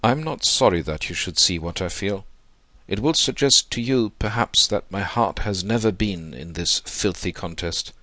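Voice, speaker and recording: Male reader doing a wounded, proud young gentleman, deep and formal, dry sound. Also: animated, moderate pace, dry recording. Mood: anguished. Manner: stiff, wounded, formal speech. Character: proud, bitter young man in anguish.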